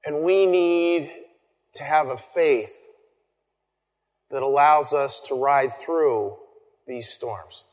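Earnest male preacher in a reverberant church. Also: on the high side. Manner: earnest, pauses and repeats phrases, drops to soft near-whispers. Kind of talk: sermon. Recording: long reverb.

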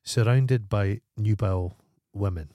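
Sardonic low-voiced Scottish man. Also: unhurried, dark tone, dry recording, clean studio sound. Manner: sardonic, crude, swears freely. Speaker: podcast co-host. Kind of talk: casual chat.

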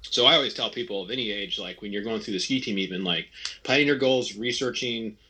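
A man's voice: on the low side, fast talker, sharp tone, husky. A man in his thirties, a former athlete, talking candidly and at length in a casual interview, often restarting and quoting his own thoughts. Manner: candid, rambling, frequent restarts and quoted self-talk. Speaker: interview guest, retired ski racer.

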